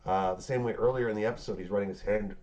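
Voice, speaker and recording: Talking fast with fairly even intonation, the host's fairly low, darkish voice runs through his TV-series recap. The chat is loose and rambling, packed with swearing and fillers, and the sound is dull lo-fi.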